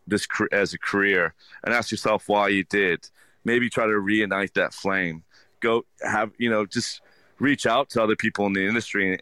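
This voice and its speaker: Man, restaurateur, low pitch, crisp dry sound, halting, earnest. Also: pushed and bright, no room sound. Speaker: restaurant owner and chef. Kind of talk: casual interview talk.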